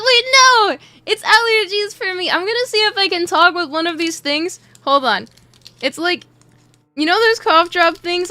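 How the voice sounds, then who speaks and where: A woman's voice: very high voice, sharp tone, dry recording. A young woman streaming a game and chatting with her viewers, greeting them over and over, her speech a little muffled by a cough drop in her mouth. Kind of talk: casual live-stream chat while gaming.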